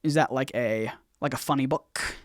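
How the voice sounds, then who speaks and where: A man hosting a casual livestream Q&A, rambling and halting, full of fillers and restarts, with his volume bouncing up and down. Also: medium pitch, dry recording, studio quality. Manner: swings in loudness, bouncy. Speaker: YouTube channel host.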